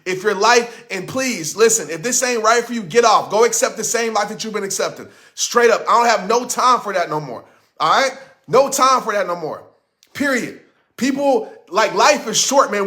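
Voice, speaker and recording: A man's voice: high-pitched, bright, forceful tone. A man giving an emphatic motivational speech into a studio microphone, preaching hard and repeating lines for effect. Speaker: motivational speaker.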